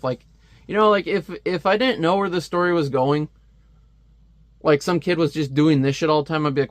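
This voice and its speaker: A man giving a casual, animated comic book review, ranting and laughing as he goes. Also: a little high, moderate pace, no echo.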